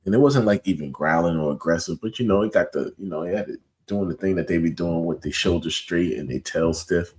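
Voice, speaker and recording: A man hosting a podcast, telling an animated story in a casual, slangy way with lots of fillers. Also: sits low, brisk, few pauses. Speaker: podcast host.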